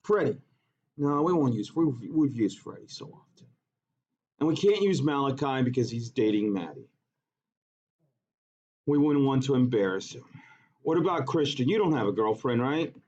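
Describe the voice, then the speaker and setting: A male teacher giving a classroom lesson, teasing his students in a joking, animated way. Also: mid-range voice, normal speed, long pauses. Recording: dull lo-fi classroom recording.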